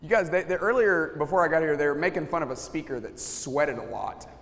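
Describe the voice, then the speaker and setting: A pastor speaking casually to a live audience, telling stories and acting out what people said, with many restarts. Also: male voice, on the high side, brisk, gravelly, fairly bright tone. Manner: storytelling, acts out quotes, many restarts. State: sweating, feels hot. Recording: long hall reverb.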